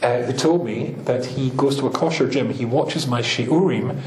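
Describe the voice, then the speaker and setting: A rabbi with a Scottish accent giving a talk to a live audience, joking, teasing them and laughing often. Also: male voice, mid-range voice, normal speed, a little mellow, reverberant.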